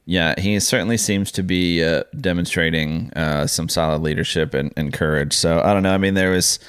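A man's voice: low voice, steady tone, moderate pace, smooth, no echo, studio quality. A man co-hosting a podcast in casual chat, rambling with many fillers and restarts. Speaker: podcast co-host.

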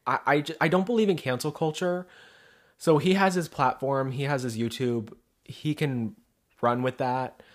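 A man's voice: mid-range voice, moderate pace. A man co-hosting a casual celebrity gossip podcast, chatty, with frequent hesitant restarts. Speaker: podcast co-host.

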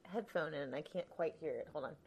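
A woman's voice: low-pitched, brisk, noisy background. A woman co-hosting a true-crime podcast, chatting casually and reacting with alarm. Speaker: podcast co-host.

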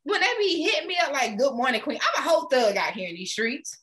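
Brief: woman co-host, high lively voice, blunt, profane, animated chat. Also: quick pace. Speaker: podcast co-host. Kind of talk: casual chat.

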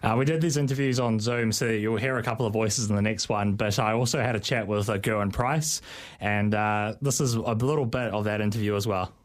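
A man's voice: on the low side, brisk. A man hosting a sports radio show, chatting casually and teasing his guests in a jokey way. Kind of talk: casual radio chat and interviewing.

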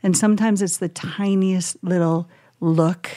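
Woman chaplain on a podcast, lowish voice, soft and reflective, dry close sound. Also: steady tone, measured pace, no room sound. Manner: gentle, reflective, acts out quoted phrases softly. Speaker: hospice chaplain, co-host. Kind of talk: casual podcast chat.

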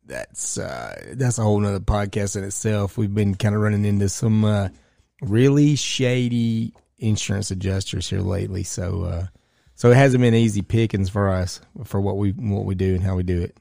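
A roofing contractor telling rowdy stories with swearing in a casual podcast chat. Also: male voice, on the low side, moderate pace, gravelly, warm tone, no room sound, clean studio sound. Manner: storytelling with laughs and cursing.

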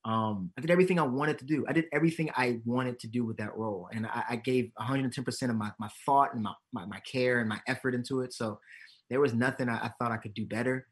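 Speaking fast in a mid-range voice, a man being interviewed as an actor and comedian shares casual stories. He's animated throughout, acting out quotes and laughing frequently.

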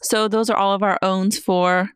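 A woman's voice: mid-range voice, flat delivery, moderate pace, clean tone, no echo, studio quality. A woman co-hosting a casual podcast, reading listener messages and thanking listeners in a friendly way. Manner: friendly, plugs the show's contacts. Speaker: podcast co-host.

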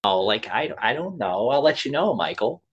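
A man's voice: mid-range voice, very animated, normal speed, slightly rough, highs cut off. A man imitating a ditzy young reality-star woman with an Italian-American New Jersey accent. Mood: airy, clueless.

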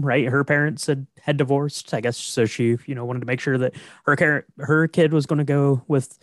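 Man, podcast co-host, relaxed hesitant musing, dry close recording. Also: mid-range voice, moderate pace, hardly any pauses, no echo. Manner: relaxed, hesitant with fillers and soft laughs. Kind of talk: casual film discussion.

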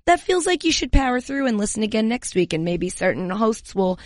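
A woman's voice: a little high, big pitch swings, fairly quick, no echo, studio quality. A woman hosting a sports podcast, chatting in a giggly, self-mocking, rambling way. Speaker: podcast host. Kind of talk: casual podcast chat.

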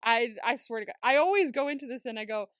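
A woman co-hosting a podcast, chatting casually in an animated way, laughing often and swearing freely. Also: a little high, fast talker, no room sound, clean studio sound. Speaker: podcast co-host. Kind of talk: casual recap chat.

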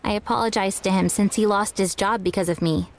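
A woman's voice: mid-range voice, fairly even intonation, brisk. A young woman reading a scripted first-person story in an earnest way, now and then acting out the quoted lines.

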